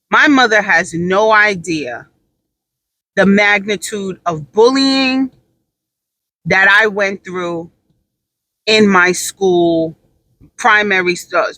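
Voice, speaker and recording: A woman's voice: medium pitch, pushed and bright, no room sound, poor audio. A woman giving her candid opinions in a brash, profane, emphatic way, repeating phrases for emphasis and laughing easily. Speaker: podcast talker.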